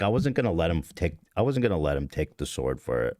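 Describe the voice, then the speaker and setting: A man with a low, deep voice tells a confessional story on a podcast. He rambles, swears freely and cuts himself off mid-sentence. The sound is close and dry. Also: big pitch swings, fast, dark tone, no echo. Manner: rambling, profane, self-interrupting. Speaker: podcast host.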